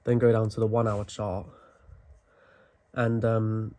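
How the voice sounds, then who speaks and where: A man's voice: lowish voice, level tone, unhurried, mellow. Breathless young man rambling about trades. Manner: rambling, filler-heavy, self-deprecating. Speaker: forex trading vlogger. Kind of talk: casual screen-share walkthrough.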